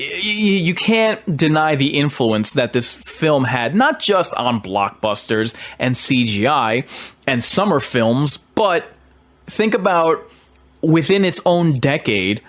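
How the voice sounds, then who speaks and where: A man, a horror host, talking through a film in an emphatic, argumentative monologue with hesitant restarts. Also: mid-range voice.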